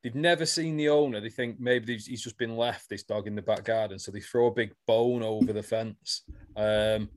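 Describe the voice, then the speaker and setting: A man's voice: fairly low pitch, steady tone, normal speed. A man on a casual chat podcast, animatedly retelling a soap storyline and swearing freely. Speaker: podcast co-host.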